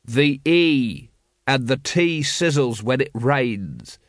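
A man's voice: medium pitch, expressive, takes it slowly, no echo. A man voicing a dry, weary middle-aged watch captain.

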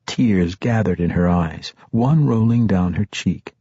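A man with a husky voice, reading a novel aloud in a measured, steady manner. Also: low-pitched, no echo. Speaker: audiobook narrator. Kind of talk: scripted narration. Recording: dull, dry, muffled.

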